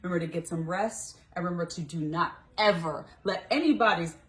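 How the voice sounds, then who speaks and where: Husky-voiced woman telling her story. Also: on the low side, a little fast. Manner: candid and conversational, with many fillers. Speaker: life coach. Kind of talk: casual personal storytelling to camera.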